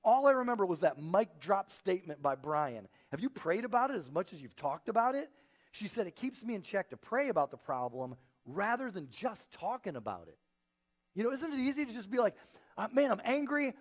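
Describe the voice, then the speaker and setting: In a church auditorium, a pastor with a high-pitched, fairly quick voice preaches a sermon. He tells stories with animation, acting out the voices of the people he quotes.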